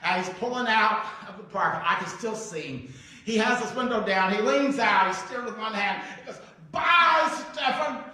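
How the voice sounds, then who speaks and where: A middle-aged male pastor preaching with a bright, forceful voice that is pitched a bit high for a man. He tells his story in a folksy, conversational way and acts out the lines of the people in it. The sound is very echoey and picked up from a distance in a church sanctuary. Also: normal speed. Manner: conversational, folksy storytelling, acting out quoted dialogue. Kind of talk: storytelling sermon. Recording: echoey church hall, mic heard from a distance.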